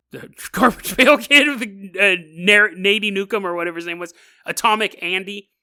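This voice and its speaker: Animated man telling a joking story. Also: high voice, a little fast, smooth. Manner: jokey asides, laughs through the telling. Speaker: podcast host. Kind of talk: comedic storytelling.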